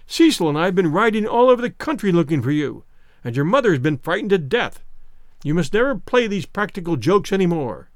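A man voicing a stern father in a storybook reading, scolding briskly. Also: high-pitched, big pitch swings, dry recording, clean studio sound. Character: stern American father, middle-aged.

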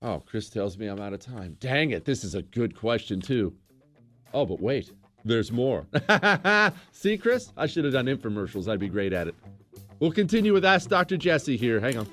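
A man's voice: medium pitch, very animated, moderate pace, fairly bright tone, faint music behind. A man hosting a talk show, ranting sarcastically and with emphasis. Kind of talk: opinionated radio talk.

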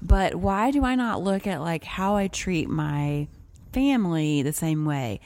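A woman with a low-pitched voice co-hosts a casual podcast. She talks bluntly and frankly, and laughs easily as she goes. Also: lively intonation, measured pace, hardly any pauses, a little mellow. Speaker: podcast co-host. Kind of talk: casual chat.

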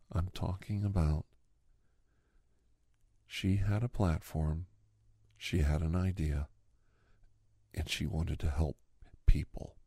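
A man in a whispered role-play speaks slowly in a very deep, gravelly voice. He rambles with earnest sentiment and drops into soft whispered asides. The sound is dry and close, with a dark, husky tone. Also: no echo. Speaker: host playing a doctor character.

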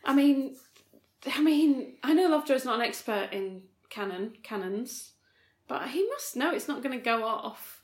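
A woman co-hosting a podcast, quick and playful, making amused asides as she recaps a TV episode. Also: sits high, expressive, echoey room. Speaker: podcast co-host. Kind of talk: casual chat recapping a TV episode.

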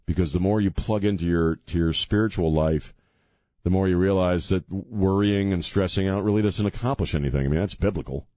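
Low-voiced man rambling on talk radio. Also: brisk, warm tone, dry recording, studio quality. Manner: rambling, self-deprecating, earnest about faith. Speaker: radio host. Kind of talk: casual talk radio monologue. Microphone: studio mic with headphones.

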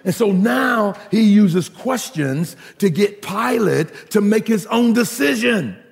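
High gravelly preacher guy, jokey then shouting, big echoey hall. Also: takes it slowly. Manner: animated, humorous, rising to shouting crescendos. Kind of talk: sermon.

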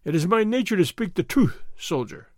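A man voicing a proud, blunt older friar with a deep voice, firm and defiant, in an audiobook reading. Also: sing-song, moderate pace, a little mellow, no echo, clean studio sound. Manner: firm, defiant, plain-spoken.

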